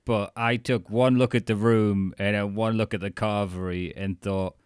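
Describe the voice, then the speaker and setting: A man's voice: lowish voice, fairly even intonation, moderate pace, clean tone, dry recording, studio quality. A man co-hosting a podcast, telling stories in a casual chat, swearing and acting out other people's voices. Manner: swearing storyteller, acts out voices. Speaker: podcast co-host.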